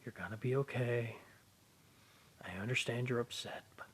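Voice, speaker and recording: A man doing a calm, steady grown man. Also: medium pitch, normal speed, slight background noise, lightly acted. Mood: soothing. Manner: steady, soothing, often hushed. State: hoarse, sore throat. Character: adult man, calm, firm and comforting.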